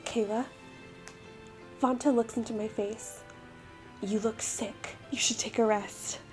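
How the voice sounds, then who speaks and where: A woman voicing a gentle, quiet young male butler in an otome game. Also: on the high side, steady tone, slow, soft background music. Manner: quiet and subdued.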